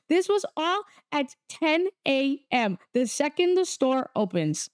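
Animated young woman telling a story. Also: high voice, takes it slowly, few pauses, no echo, clean studio sound. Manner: animated, quotes people in her story. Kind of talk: casual chat.

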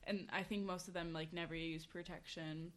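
A woman's voice: fairly low pitch, fairly even intonation, normal speed. Young woman cohost, casual, hedging delivery. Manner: hedging, opinionated, filler-heavy. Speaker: podcast co-host. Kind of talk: casual chat.

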